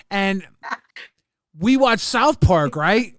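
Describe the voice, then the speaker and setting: High-voiced man telling crude jokes. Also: takes it slowly, no room sound, studio quality. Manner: deadpan crude storytelling. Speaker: livestream co-host. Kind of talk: crude joking livestream banter.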